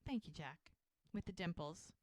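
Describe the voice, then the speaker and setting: A woman's voice: lowish voice, expressive, moderate pace, darkish tone, no room sound, studio quality. A woman co-hosting a podcast, recapping a TV episode in casual chat and acting out the characters' lines as she goes. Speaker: podcast co-host.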